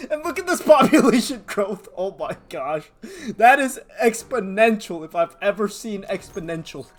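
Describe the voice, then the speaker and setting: A young man giving excitable commentary on a strategy game as a gaming YouTuber, laughing often and hyping up his audience. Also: sits high, a little slow.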